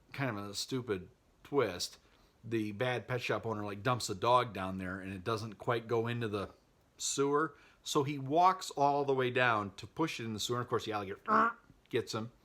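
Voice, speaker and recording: A man's voice: medium pitch, normal speed, a bit bright. A man casually recapping a movie he loves, chatty and wry, laughing at the plot. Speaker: movie vlogger.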